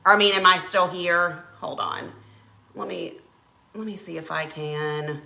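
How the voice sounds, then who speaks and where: A woman chatting casually on a live stream while she paints, telling a dramatic, animated story. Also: on the low side, measured pace, vocal fry, reverberant. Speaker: craft channel host.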